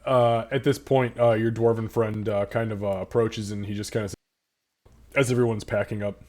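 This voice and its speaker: A man with a fairly low voice narrates a tabletop game as game master. His delivery is loose and casual, full of "uh"s and "kinda"s. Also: little pitch movement, moderate pace, a little mellow. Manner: casual, filler-heavy narration.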